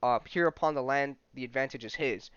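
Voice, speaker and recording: A man's voice: mid-range voice, fairly quick, fairly bright tone, clear, resonant tone, no echo, lightly acted. A man voicing a proud male undersea prince who talks in lofty, archaic phrases, in a dull, dry recording. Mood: defiant.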